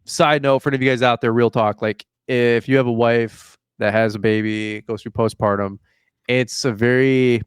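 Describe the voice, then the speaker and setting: Casting: young male podcast host, smooth clear voice, dry close mic, animated storyteller. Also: medium pitch, normal speed, no room sound. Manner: animated storyteller, acts out dialogue, says "like" often. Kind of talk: casual chat.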